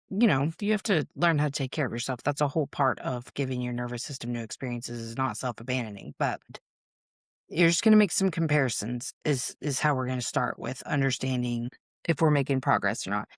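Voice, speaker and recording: A woman's voice: low-pitched, expressive, moderate pace, no echo, clean studio sound. A woman hosting a solo podcast, talking candidly and casually, with the odd swear word. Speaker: podcast host.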